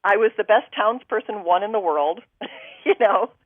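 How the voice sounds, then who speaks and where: A woman's voice: mid-range voice, normal speed, dry recording, narrow, tinny audio. A woman guest telling a personal story on a talk show, acting out her own thoughts and what others said to her.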